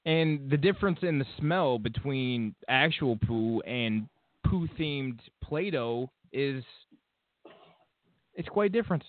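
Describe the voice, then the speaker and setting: A man's voice: mid-range voice, expressive, slow, no room sound, narrow, tinny audio. A man co-hosting a radio talk show, making crude wisecracks in casual chat. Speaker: radio co-host.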